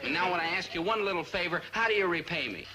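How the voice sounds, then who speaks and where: A man's voice: high voice, expressive, fast talker, bright, forceful tone, slight background noise, full character voice, rough recording. An actor playing a lovesick, scheming young man who wheedles his friend and speaks to the audience. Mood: wheedling. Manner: earnest, wheedling, talks to the audience. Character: lovesick earnest teen boy, scheming. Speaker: lead character and narrator. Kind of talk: 1960s sitcom acting. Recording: old TV soundtrack with music.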